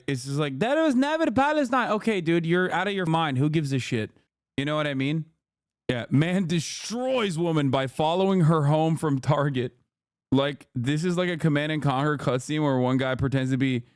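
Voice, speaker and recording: Sarcastic guy streamer reacting, swears a lot, clean clear voice, dry. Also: a little high, no echo. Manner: blunt, profane, sarcastic. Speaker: streamer host. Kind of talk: reaction commentary.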